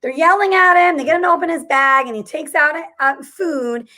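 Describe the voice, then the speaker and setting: A woman's voice: sits high, a little fast, pushed and bright. A woman co-hosting a comedy podcast, telling stories in an emphatic, indignant way. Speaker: podcast co-host. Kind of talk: comedic casual chat.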